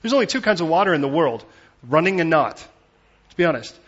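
A man preaching a sermon in a conversational, animated way, acting out the voices of biblical figures as he goes. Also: on the high side, fast talker, breathy edge. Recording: dull lo-fi recording.

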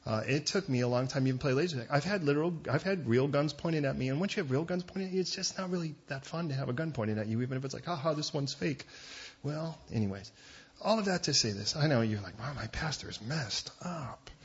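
A man preaching a sermon as pastor, conversational with joking asides and quick digressions. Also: medium pitch, husky, lo-fi sound.

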